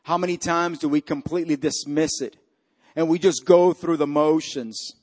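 A man preaching a sermon as pastor, swinging from loud, rising peaks to hushed, quiet lines. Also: fairly high pitch, normal speed.

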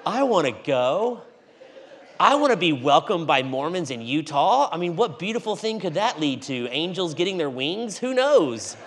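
A man preaching in a church, telling a story with animated swings between loud and hushed delivery. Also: a little high, moderate pace, few pauses, some chatter behind, a little hiss or hum. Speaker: guest preacher. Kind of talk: storytelling sermon.

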